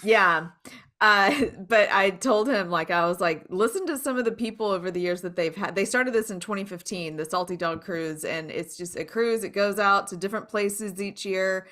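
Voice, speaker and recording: A woman's voice: medium pitch, normal speed, sharp tone. A woman co-hosting a podcast in a casual chat, talking freely and laughing often between sentences. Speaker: podcast co-host.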